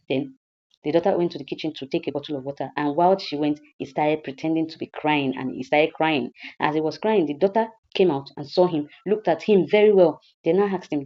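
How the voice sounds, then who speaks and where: A woman's voice: sits low, muffled recording. A woman with a Nigerian accent casually retelling a film's plot, repeating herself and asking the listener rhetorical questions. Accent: Nigerian English. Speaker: movie reviewer.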